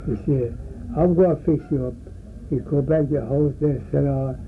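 A man's voice: on the high side, normal speed, dark tone, slight background noise, low-quality recording. Rambling older man. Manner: rambling, folksy, acts out voices in his stories. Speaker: interviewee. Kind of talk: oral history storytelling.

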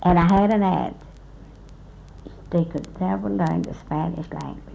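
This is a rough recording with slight background noise, featuring an older woman from South Texas whose lowish, mellow voice has vocal fry and a measured pace. She rambles through her past in an interview, relaying others' words and correcting herself often.

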